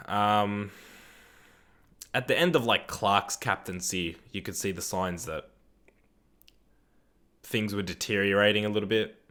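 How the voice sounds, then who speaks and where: A man's voice: on the low side, measured pace, pauses often, fairly bright tone. A young Australian man streaming a game live, chatting in a laid-back, rambling way, answering viewers and swearing casually. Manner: reads viewer chat aloud and answers it. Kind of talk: live gaming stream chat.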